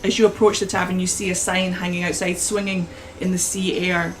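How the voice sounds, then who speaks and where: A woman narrating a tabletop game as game master, painting scenes at an unhurried pace with frequent restarts. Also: fairly low pitch, little pitch movement, soft background music, rough recording.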